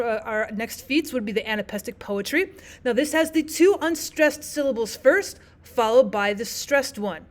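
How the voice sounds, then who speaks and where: A woman teaching in a clear, measured way. Her voice sits a little on the high side. She reads example lines of verse slowly and deliberately. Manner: clear, measured teaching delivery, slows to read verse aloud. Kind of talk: explaining poetry lesson over slides.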